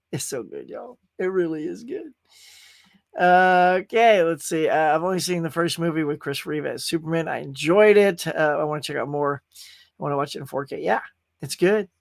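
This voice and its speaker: A man hosts a relaxed pop culture podcast in a noticeably high voice. He rambles and circles back over his words, openly moved by what he is praising. The sound is dry and close with no room around it. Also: creaky, dry recording. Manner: gushing and emotional; rambling, restarts sentences. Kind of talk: casual movie review chat.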